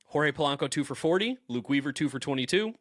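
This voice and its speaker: A man co-hosting a podcast in casual sports chat, animated and opinionated, laughing easily. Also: fairly high pitch, fast talker, no echo. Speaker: podcast co-host.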